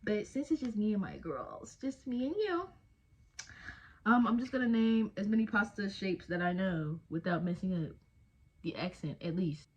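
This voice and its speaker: A woman's voice: mid-range voice, expressive, moderate pace, darkish tone, breathy edge. A woman, chatting casually and jokingly at home while doing her makeup. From Texas. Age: 20s. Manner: chatty, slangy, jokey, with trailing fillers. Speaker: beauty vlogger. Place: home, indoors.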